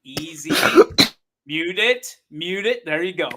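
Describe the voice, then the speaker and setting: A man co-hosts a sports stream in loose, rambling banter, pitched a little high for a man. He teases his partner playfully and drifts from topic to topic. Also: animated, normal speed, noisy background. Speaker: sports show co-host. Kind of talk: casual banter. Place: streaming studio.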